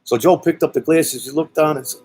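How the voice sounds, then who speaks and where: A man's voice: fairly high pitch, fairly quick, a little mellow, slight background noise, rough recording. A man from Brooklyn with a Brooklyn accent telling a story in a blunt, profane, rambling way, full of "you know"s. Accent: Brooklyn New York. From Brooklyn, New York. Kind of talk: casual spoken storytelling.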